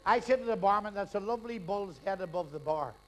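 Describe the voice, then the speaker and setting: An older man telling stand-up jokes on stage, firing punchlines fast and dropping quietly into the characters' lines. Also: high voice, expressive. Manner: rapid punchline delivery, drops to quiet asides for quotes. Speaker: stand-up comedian. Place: live stage before a laughing audience. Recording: live crowd, faint hiss.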